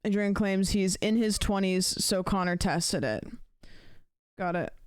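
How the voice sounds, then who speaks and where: Rambling woman streamer, smooth dry voice. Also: mid-range voice, measured pace, no echo. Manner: rambling, many fillers, thinks out loud. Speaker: livestreamer. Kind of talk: casual chat with live viewers.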